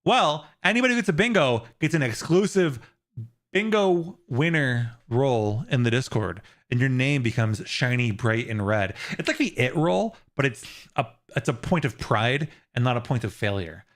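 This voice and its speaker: A man's voice: mid-range voice, lively intonation, normal speed. A man streaming live, chatting casually with his viewers, rambling and laughing often, with many restarts.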